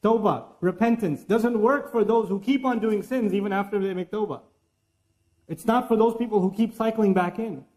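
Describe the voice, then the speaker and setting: A man giving a religious lecture in an animated, conversational way, now and then reciting Arabic verses. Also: high voice, moderate pace. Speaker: Islamic lecturer.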